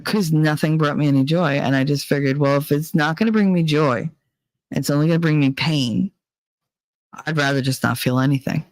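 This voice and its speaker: A man's voice: on the high side, normal speed, no room sound. A man from New Jersey talking candidly to his viewers in a rambling, profane, confessional way, sometimes mimicking other people. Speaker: channel host. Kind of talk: candid personal monologue to viewers.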